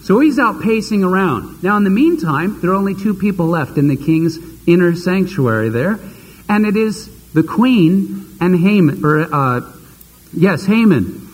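A man's voice: sits high, expressive, measured pace, husky, long reverb tail, rough recording. A man preaching a sermon, retelling a scripture story dramatically and acting out the characters' voices.

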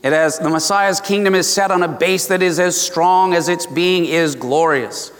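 A man preaching a sermon as a pastor, animated, at times dropping to soft hushed tones. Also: sits high, normal speed, big-room sound.

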